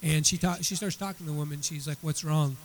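A man's voice: on the high side, steady tone, quick pace, low-quality recording. A man teaching a church Bible study. He retells a story in a conversational way and often repeats words as he restarts his sentences.

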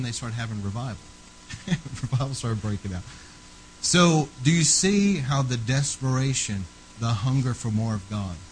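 A man preaching with fervor in a sermon, his voice sitting at an ordinary middle pitch. He climbs to loud, pressing peaks and then sinks back to low, quiet lines. A faint hum sits under the recording. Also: rough recording. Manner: fervent, rising to loud emphatic peaks then dropping low.

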